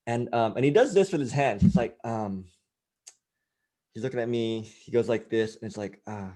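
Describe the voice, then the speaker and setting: A man's voice: medium pitch, expressive, normal speed, darkish tone. Chatty man telling a funny story. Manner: chatty, filler-heavy, self-mocking. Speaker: guest, life coach. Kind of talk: casual anecdote storytelling.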